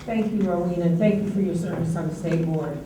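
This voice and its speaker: A woman presiding over a union meeting, measured and pointed as she moves through the agenda. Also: lowish voice. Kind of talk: chairing a meeting. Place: large meeting hall. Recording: echoey hall from far off, background noise.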